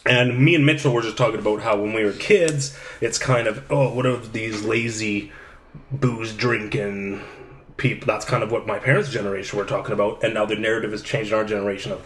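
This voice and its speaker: A man hosting a casual chat, relaxed and rambling, quick to laugh. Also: fairly low pitch, a little hiss or hum. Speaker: podcast host.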